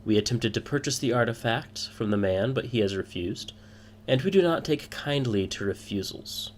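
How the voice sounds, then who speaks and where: A man's voice: medium pitch, animated, normal speed, slight background noise, voice pushed up, lightly acted. A man voicing a pompous, boisterous male thieves' guild boss in a tabletop game, speaking in a formal, grand manner. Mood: stern.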